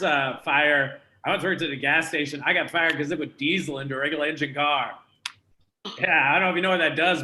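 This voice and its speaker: A man's voice: fairly high pitch, pushed and bright, a little hiss or hum. A young man from Canada doing a live stand-up comedy set, self-deprecating and conversational. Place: comedy venue with live audience.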